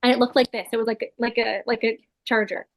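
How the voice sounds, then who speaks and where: Speaking fairly quickly in a slightly high voice, this podcast guest, a woman in her thirties, shares a personal story in casual conversation. She's animated, uses plenty of fillers, and swears now and then.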